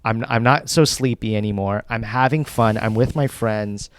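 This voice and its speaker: A man's voice: lowish voice, normal speed, no room sound. Man, podcast co-host, rambling casual delivery, worn-out, dry close mic. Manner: animated, swearing, rambling storyteller. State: tired. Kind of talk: casual chat. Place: home studio.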